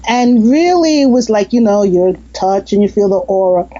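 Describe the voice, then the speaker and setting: A woman's voice: mid-range voice, animated, normal speed, dull audio. A woman hypnotist and former nurse, chatting in an interview and telling earnest stories with frequent restarts. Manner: earnest, warm-hearted storytelling with frequent restarts and laughter. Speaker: guest storyteller and hypnotist. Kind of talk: casual interview chat.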